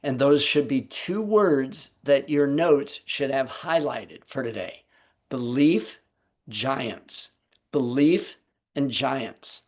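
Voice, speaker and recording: A man's voice: mid-range voice, animated, slow. A man teaching the Bible on a Sabbath video call, posing rhetorical questions to his listeners.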